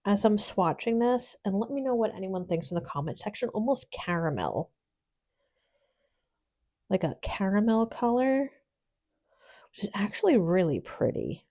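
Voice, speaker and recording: A woman's voice: medium pitch, sing-song, normal speed, long pauses, mellow. A woman hosting a casual nail product unboxing, gushing with little exclamations and sometimes dropping into a whisper. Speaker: nail channel host. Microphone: phone.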